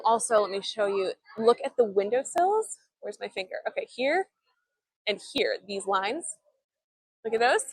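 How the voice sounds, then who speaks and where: A young woman broadcasts a live walking tour from an old town street outdoors, chatting enthusiastically into a handheld phone and reading viewer comments. Her mid-range voice has a fairly bright yet husky tone, and the audio is poor.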